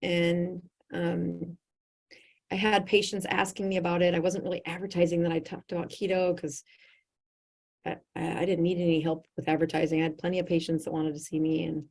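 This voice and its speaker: A middle-aged woman with a husky, slightly low voice tells a story in a lively, conversational way. She laughs often and slips into the voices of the people she quotes. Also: fairly quick. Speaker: physician, podcast guest.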